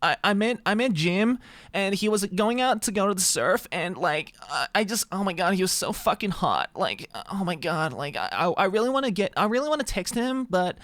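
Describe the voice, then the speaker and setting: A gushing young woman whose raised, swooping voice rambles breathlessly through filler words, sounding close to tears with a creaky vocal fry, as a man puts her on. The delivery is dry and close, with faint music behind. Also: high voice, animated, normal speed, fairly bright tone, dry recording, pitched above the performer's own voice. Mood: gushing teary.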